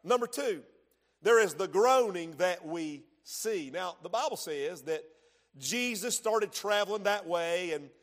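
A man preaching a sermon in church, swinging from hushed tones to shouting. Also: high voice, animated, unhurried. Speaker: pastor.

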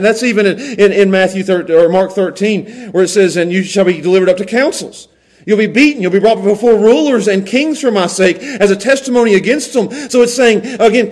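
A male pastor preaching a sermon, repeating words and swinging between loud emphasis and quiet low stretches.

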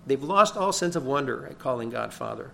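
Animated and brisk, a man with a medium-pitched, gravelly, slightly bright voice preaches a sermon as a pastor. He presses his points earnestly with rising emphasis, repeating words and occasionally chuckling.

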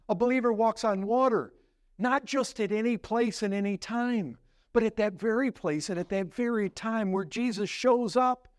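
A male pastor preaching a sermon, asking rhetorical questions and building to emphatic, lively delivery. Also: high voice, dry recording, studio quality.

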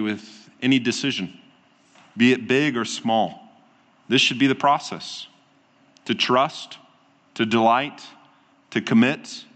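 A man preaching as a pastor, calm and earnest, often easing into soft, slow endings. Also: fairly low pitch. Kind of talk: sermon. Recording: long hall reverb.

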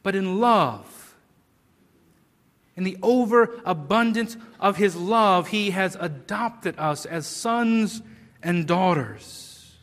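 A man's voice: high voice, lively intonation, slow, fairly bright tone, big-room sound. A man preaching a sermon, earnest and emphatic, with rhetorical questions and repeated words.

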